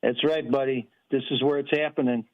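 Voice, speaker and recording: A man's voice: mid-range voice, steady tone, fairly quick. A man calling in to a radio show, telling a rambling, folksy story with lots of fillers. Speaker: caller. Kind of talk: phone-in storytelling. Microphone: telephone. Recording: tinny phone line.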